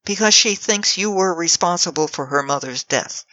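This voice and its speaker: A woman reads a storybook's sarcastic magic mirror, a snide spirit that needles with dry mockery. The voice sits low for a woman and lands close and dry, with a slightly muffled tone. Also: animated, moderate pace, sharp tone, dry recording.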